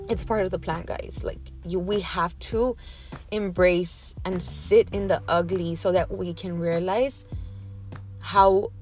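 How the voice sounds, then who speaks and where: A woman's voice: lowish voice, a little mellow. A woman from Texas hosting her own podcast, talking candidly and a little shakily, loose with casual fillers. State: emotional, a little shaky. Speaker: podcast host. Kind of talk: casual solo podcast monologue.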